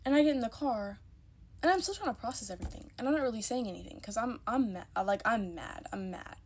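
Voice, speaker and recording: A woman's voice: fairly high pitch, lively intonation, fast, slight background noise. A young woman telling a story in a casual, emphatic way, repeating herself when worked up.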